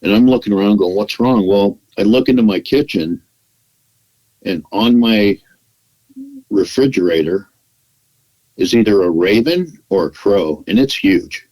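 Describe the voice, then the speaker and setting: A man's voice: on the low side, a little slow, pauses often, darkish tone, low-quality recording. A man, a podcast guest, tells a long personal story in conversation, acting out the dialogue he quotes and often restarting with "you know.". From California, United States. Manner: acts out quoted dialogue in his retelling.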